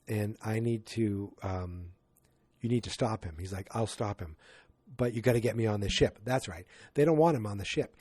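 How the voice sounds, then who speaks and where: A man's voice: fairly low pitch, a little mellow, breathy edge, no room sound. A man hosting a podcast, casually retelling a movie plot in a rambling way and acting out quotes from the characters. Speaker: podcast host.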